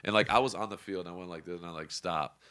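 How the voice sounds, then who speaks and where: Deep-voiced fired-up podcast host. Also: male voice, steady tone, fast talker, bright, forceful tone, smooth, no room sound, clean studio sound. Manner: fired-up, profane, motivational. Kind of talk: casual sports podcast chat.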